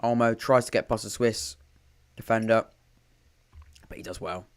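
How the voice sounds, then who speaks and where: A man's voice: fairly low pitch, steady tone, normal speed, clear, resonant tone. A man hosts a live football watchalong from home, talking in a loose, rambling way. He keeps breaking off and restarting, and drops dry, sarcastic remarks between bits of play-by-play. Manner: rambling, self-interrupting, dry sarcastic asides. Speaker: podcast host commentating a live watchalong. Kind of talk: casual live match commentary and chat.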